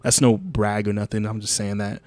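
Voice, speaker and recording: A man's voice: brisk, no echo. A young man co-hosting a podcast, telling a story in casual chat, swearing and acting out quotes in a raised voice. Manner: animated storytelling, swearing, acts out quotes in a higher voice. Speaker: podcast co-host.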